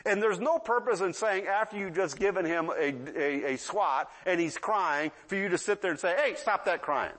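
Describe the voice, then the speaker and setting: A man's voice: high voice, normal speed, few pauses, a bit bright. A man in his sixties preaching a sermon in a conversational way, often checking in with the audience and acting out children's voices in asides. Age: 60s.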